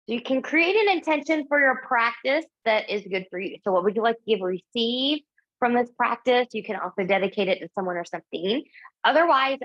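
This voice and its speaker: A woman guiding a yoga class in a calm, encouraging way, leaving pauses between cues. Her voice sits a little high. The recording has a slightly dull, lo-fi quality. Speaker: yoga instructor. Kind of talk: guided yoga class instruction.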